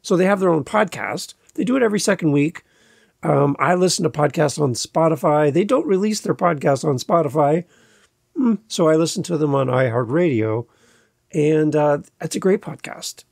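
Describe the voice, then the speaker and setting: A man's voice: on the high side, expressive, normal speed, creaky, darkish tone, dry recording, clean studio sound. A man hosting his own podcast, talking casually and emphatically, repeating key words for stress. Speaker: podcast host. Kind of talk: casual solo podcast talk.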